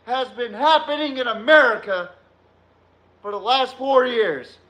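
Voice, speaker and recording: Profane, animated sports podcast man. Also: very high voice, measured pace. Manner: profane, heated ranting, trash-talks chat commenters; laughs at his own jabs. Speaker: podcast host. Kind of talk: live-streamed sports rant.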